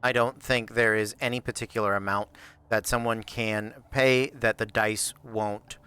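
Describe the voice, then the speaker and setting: A man organizing a live game show, explaining the rules in a thoughtful, halting way. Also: on the low side, little pitch movement, pushed and bright, clear, resonant tone. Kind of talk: casual live-stream explanation.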